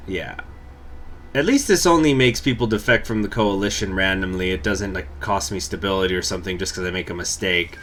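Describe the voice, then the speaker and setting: A man's voice: fairly low pitch, a bit bright, slight background noise. A man hosting a gaming channel, thinking aloud and muttering through let's play commentary, swearing now and then.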